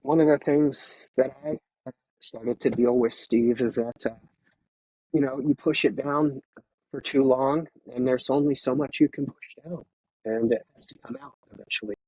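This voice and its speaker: Husky-voiced emotional man, halting speech. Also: mid-range voice, steady tone, dark tone, dry recording, poor audio. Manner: emotional, halting, many pauses and restarts. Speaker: retired firefighter guest. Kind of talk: candid personal interview.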